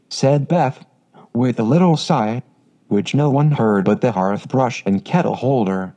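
A man's voice: medium pitch, lively intonation, measured pace, dark tone. A synthetic male voice narrating an audiobook, sometimes spelling words out letter by letter. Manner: spells out words letter by letter, reads symbols aloud.

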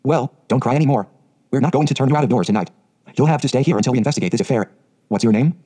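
A man's voice: medium pitch, very fast, husky, natural voice. A man voicing a stern, unsympathetic middle-aged farm woman who speaks curtly and sharply. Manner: curt, sharp, matter-of-fact.

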